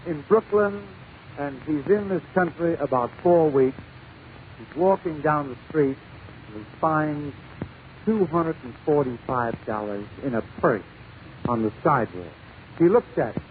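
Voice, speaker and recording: A male comedian telling jokes in a 1940s radio monologue, with punchy, brisk storytelling. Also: on the high side, animated. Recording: tinny lo-fi 1940s radio broadcast with faint hiss.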